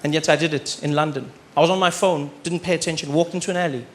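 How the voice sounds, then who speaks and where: South African male comic, dry ironic stand-up delivery, voice sits a touch high. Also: fast. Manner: deadpan, ironic, with playful asides. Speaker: stand-up comedian. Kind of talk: stand-up comedy. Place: large theatre stage.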